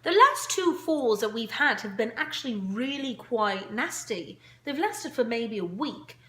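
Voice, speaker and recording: A woman's voice: on the high side, big pitch swings, a little slow, pushed and bright. Chatty woman in an echoey room. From Scotland. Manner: chatty, trails off and restarts. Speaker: co-host. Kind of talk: casual chat show. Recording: roomy echo, faint noise.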